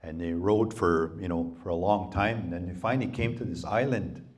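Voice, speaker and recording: Deep-voiced man telling a folktale. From Canada. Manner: unhurried, halting, many "you know"s. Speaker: storyteller. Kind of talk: oral folktale storytelling. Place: public library talk.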